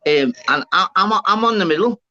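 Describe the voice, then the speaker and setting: Male stream host, raised, bright tone, banter and swearing, dry, dull audio. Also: high-pitched, animated, brisk. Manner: swearing, laughing, retelling his own lines. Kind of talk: casual banter on a live stream.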